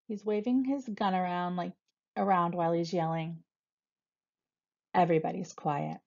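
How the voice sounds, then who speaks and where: A woman reading a novel aloud in a plain, even way. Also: fairly low pitch, measured pace, gravelly. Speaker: reader. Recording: dull lo-fi recording.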